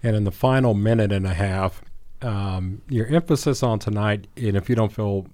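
Male radio host, fairly low voice, chatty, trips over his words, dry studio. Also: normal speed, dark tone, no echo. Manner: conversational, with stumbles and repeats. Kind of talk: radio interview.

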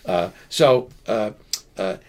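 An older man, a podcast guest, telling stories in a halting, rambling way with many restarts and laughing asides. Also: fairly low pitch. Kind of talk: casual storytelling.

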